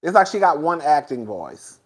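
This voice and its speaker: A man's voice: a little high, normal speed. Sassy, laughing male host. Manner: animated and sassy, laughs often, says "girl" a lot. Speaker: host of a talk stream. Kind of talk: casual commentary chat.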